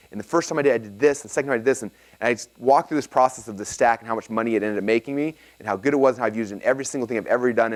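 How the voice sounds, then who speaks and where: A man teaching a live seminar to an audience and taking their questions, energetic and excitable, often checking in with "okay?". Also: medium pitch. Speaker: seminar presenter.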